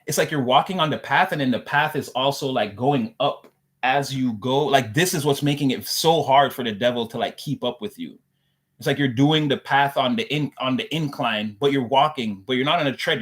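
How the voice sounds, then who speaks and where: A man's voice: medium pitch, fairly bright tone. Rambling man giving a spiritual message. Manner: rambling, repeats "again" often. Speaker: spiritual reader.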